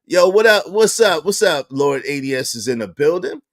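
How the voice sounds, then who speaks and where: Animated man hosting a livestream. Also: fairly high pitch, moderate pace. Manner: animated, shouting out viewers in slang. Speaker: livestream host. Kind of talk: casual livestream chat.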